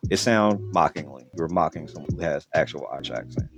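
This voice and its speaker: Fast-talking man ranting about movies. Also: a bass voice, expressive, highs cut off, soft background music. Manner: rambling, emphatic, swears casually. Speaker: podcast host and film reviewer. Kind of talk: casual movie review rant.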